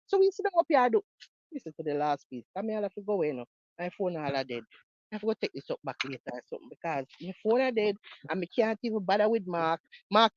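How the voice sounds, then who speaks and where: A woman's voice: lowish voice, no room sound, highs cut off. A Jamaican woman giving heated reaction commentary on a video, mocking and repeating herself.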